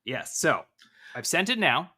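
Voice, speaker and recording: A man's voice: on the high side, sing-song, sharp tone. A man co-hosting a podcast, wry and joking as he directs his partner. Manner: wry, directing, quick to joke. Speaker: podcast co-host. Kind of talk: casual podcast banter.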